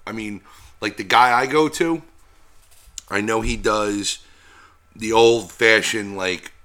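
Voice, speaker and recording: A man's voice: on the low side, slow, bright, forceful tone. A man co-hosting a podcast, telling stories in a laid-back way and swearing often. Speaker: podcast co-host. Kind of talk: casual chat.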